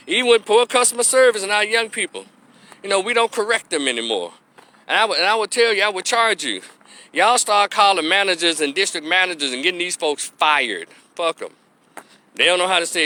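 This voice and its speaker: A man's voice: high-pitched, expressive, a little fast, bright, forceful tone. A man from gives blunt, preachy opinion commentary, folksy and salty-mouthed. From Memphis, Tennessee, US. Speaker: opinion vlogger, social worker.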